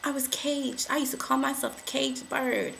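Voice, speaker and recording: A woman giving an emotional testimony to camera, repeating affirmations and rising to shouts. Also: sits high, fairly even intonation, normal speed, gravelly, slight background noise, rough recording.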